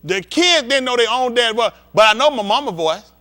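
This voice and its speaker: A man preaching with a high voice that leaps all over the place as he acts out a story. His tone is bright and edgy, profane and theatrical, and he keeps asking the congregation whether they follow him. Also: expressive, normal speed. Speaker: pastor. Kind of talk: comedic storytelling rant to a congregation.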